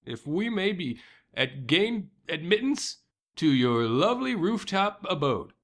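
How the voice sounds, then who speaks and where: A man's voice: a little high, very animated, a little slow, a bit bright, heavily acted. Flowery, courteous adventurer, a man putting it on, voice bouncing up and down. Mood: pleading. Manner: formal, flowery politeness. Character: overly polite male adventurer, formal.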